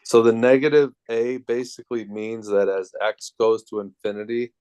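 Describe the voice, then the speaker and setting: A man tutoring math over a video call, explaining things step by step in a relaxed way. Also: mid-range voice, moderate pace, smooth. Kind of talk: casual tutoring session.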